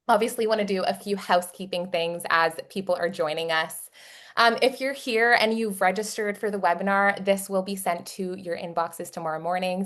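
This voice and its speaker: A woman with a Texan accent hosting a webinar over a video call, bubbly and chatty, with plenty of fillers. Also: fairly low pitch. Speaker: webinar host.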